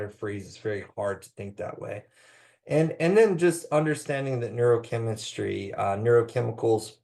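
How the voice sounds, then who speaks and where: A man's voice: lowish voice, a little mellow. A man giving a live presentation to clinicians on trauma-informed care, talking with many ums, uhs and restarts. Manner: hesitant, many fillers and restarts.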